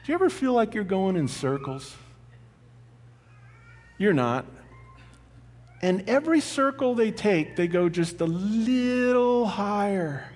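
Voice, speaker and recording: Pastor guy preaching, lively up and down voice, kinda high, big hall echo. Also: slow, pauses often. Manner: animated, conversational preaching with laughs and asides. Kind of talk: sermon. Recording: long hall reverb.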